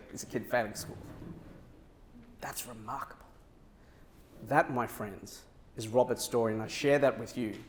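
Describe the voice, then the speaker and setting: A man giving a motivational keynote on a conference stage, telling a story in a lively way and acting out the dialogue. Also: mid-range voice. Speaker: keynote speaker.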